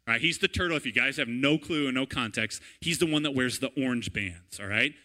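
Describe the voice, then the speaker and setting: A man in his thirties preaching a sermon in a lively, conversational way, often checking in with "right?". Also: mid-range voice, fairly quick. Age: 30s. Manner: animated, conversational, repeats "right?" and "all right?". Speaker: pastor.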